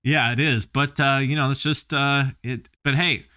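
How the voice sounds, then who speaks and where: A man hosting a podcast, chatting in a laid-back, wry way, with his asides dropping low and quiet. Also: steady tone, normal speed, clean tone, no echo, clean studio sound. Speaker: podcast host. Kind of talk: casual podcast chat.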